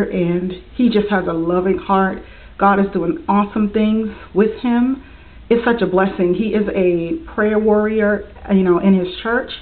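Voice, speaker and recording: A young woman earnestly sharing a heartfelt personal message in a vlog, speaking with faith and warmth. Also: mid-range voice. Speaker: vlogger. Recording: tinny, phone-like lo-fi audio.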